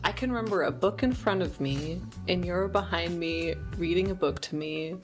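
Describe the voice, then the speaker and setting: A woman on a podcast telling a story in casual chat, laughing often and animated. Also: lowish voice, moderate pace, over music. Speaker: podcast co-host.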